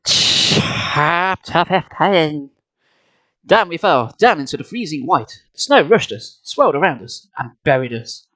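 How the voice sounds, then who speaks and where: A man's voice: fairly high pitch, big pitch swings, normal speed, fairly bright tone, slightly rough. A man reading a children's horror book aloud on a live stream, playful and mocking himself between passages. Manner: playful, self-mocking asides between narration. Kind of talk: live storybook reading with asides. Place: home streaming setup. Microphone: desk mic, laptop.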